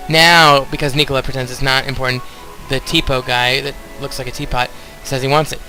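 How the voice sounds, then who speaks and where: Bright-voiced chatty male gamer. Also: mid-range voice, level tone, fairly quick, few pauses, soft background music, rough recording. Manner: chatty, rambling, talks straight to viewers. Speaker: let's play host. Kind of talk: casual game commentary.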